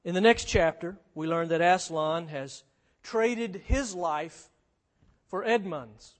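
High-voiced preacher telling a story. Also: male voice, slow pace. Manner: storytelling, shifting from lively to hushed. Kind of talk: sermon with storybook reading.

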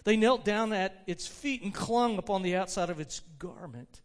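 A man's voice: sits high, normal speed. A male pastor preaching a sermon, reading a classic story aloud expressively with varied emphasis, in a church sanctuary. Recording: long reverb of a church hall.

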